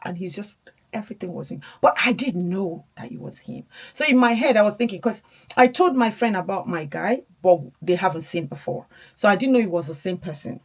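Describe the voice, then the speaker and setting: A woman's voice: medium pitch, expressive, fairly quick. A young adult woman, chatting candidly and rambling a little as she tells a personal story in a get-ready-with-me vlog. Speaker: vlogger.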